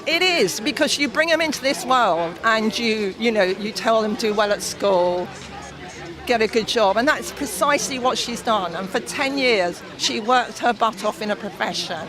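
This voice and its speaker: Indignant middle-aged woman at a loud protest. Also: fairly high pitch, lively intonation, normal speed, music in the background, poor audio. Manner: emotional, choked up, indignant. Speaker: protester, mother of affected resident. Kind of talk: radio interview on location. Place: outdoors at a street protest. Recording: crowd noise behind. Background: crowd.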